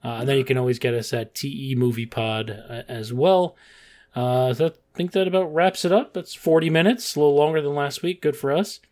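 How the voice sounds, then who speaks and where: A man co-hosting a casual movie podcast, animated and laughing, swearing casually. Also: mid-range voice, fairly quick. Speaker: podcast co-host.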